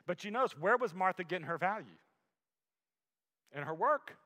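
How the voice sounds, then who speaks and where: A man preaching a sermon, swinging from loud emphasis to a hushed near-whisper and slowing down to stress key words. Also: sits high, animated. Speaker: pastor. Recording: long hall reverb.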